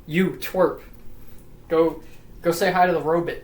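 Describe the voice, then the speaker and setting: A woman voicing a pushy big brother who taunts in a fast, mocking tone. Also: fairly low pitch, fairly even intonation, darkish tone, natural voice. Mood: taunting.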